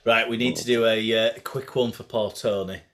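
A man's voice: fairly low pitch, steady tone, normal speed, heavy background noise. A man who teases and laughs a lot in a casual video call chat.

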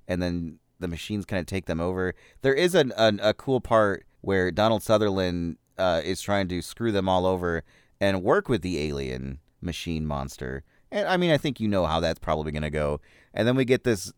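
Male podcast host, low smooth voice, casual rambling review style. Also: no room sound, clean studio sound. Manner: rambling, loose, with fillers and chuckles. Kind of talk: casual movie review monologue.

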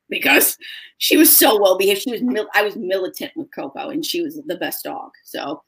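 A young woman, a guest on a video call, telling an emotional story in a casual, tearful way, with lively voices for the people she quotes. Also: mid-range voice, normal speed, husky. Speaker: guest, dog owner.

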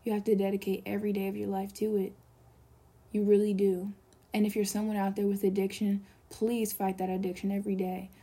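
A woman's voice: mid-range voice, monotone, brisk, mellow, husky. A young woman speaking to camera in an earnest, pleading confessional monologue, with strong repeated emphasis and sometimes dropping to a whisper. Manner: drops to a whisper at times.

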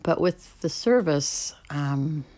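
A middle-aged woman painter talking casually to herself as she sets up, rambling and halting with many fillers, sometimes dropping to a soft whisper. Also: sits low, animated. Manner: drops to a soft whisper now and then. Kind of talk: casual spoken vlog while setting up to paint.

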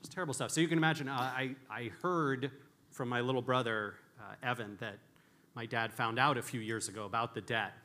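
A man's voice: medium pitch, steady tone, a little fast, sharp tone. A man giving a candid, storytelling conference talk with frequent restarts and self-deprecating humor. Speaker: conference speaker.

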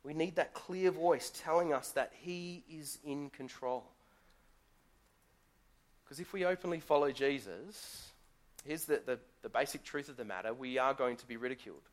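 Man giving a relaxed sermon. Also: mid-range voice, normal speed. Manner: conversational storytelling with rhetorical questions. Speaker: guest pastor. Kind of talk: live sermon. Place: church.

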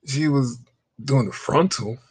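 Man, husky low voice, dry close sound, casual storytelling, slangy, acts out dialogue. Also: unhurried, darkish tone, dry recording. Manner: acts out quoted dialogue in a raised voice; slangy, conversational.

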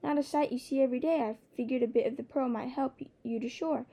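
A woman's voice: sits high, fairly even intonation, fast talker, mellow, husky. A woman reading the part of a proud, wry young male dragon in an audiobook, teasing and a little haughty. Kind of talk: audiobook character voice.

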